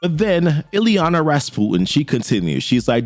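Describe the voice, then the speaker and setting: A man's voice: a little high, sing-song, normal speed, few pauses, no room sound, faint music behind. A young man eagerly recapping a comic book in slangy, hyped casual talk. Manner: hyped, slangy, laughs along.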